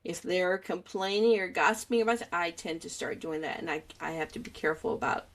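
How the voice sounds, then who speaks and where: Low-voiced woman hosting a podcast chat. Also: fairly quick. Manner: reflective, hesitant with restarts. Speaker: podcast host. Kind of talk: casual conversational interview.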